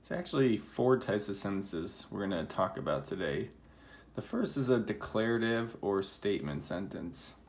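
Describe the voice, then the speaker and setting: A man with a slightly low voice gives a recorded reading lesson to children. He explains patiently and acts out each example sentence. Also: lively intonation, normal speed, creaky. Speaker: teacher.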